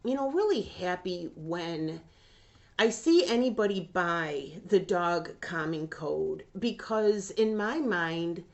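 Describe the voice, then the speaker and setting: A woman's voice: lowish voice, expressive, slow pace, lo-fi sound. A woman hosting a dog training channel, talking earnestly and emotionally to camera and getting choked up about the dogs. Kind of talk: emotional direct-to-camera talk.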